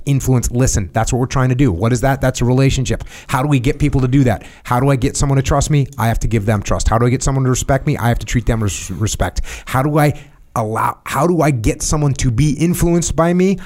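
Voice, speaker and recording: A man's voice: medium pitch, quick pace, darkish tone. Middle-aged podcast host guy, hammers points home, repeats himself, casual advice. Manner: emphatic, repetitive, drilling points home.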